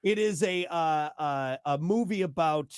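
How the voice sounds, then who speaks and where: A man hosting a casual podcast chat. He is animated, laughs often and trails off mid-sentence. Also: fairly high pitch, unhurried, clean tone, no room sound, clean studio sound. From grew up on a farm. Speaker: show host.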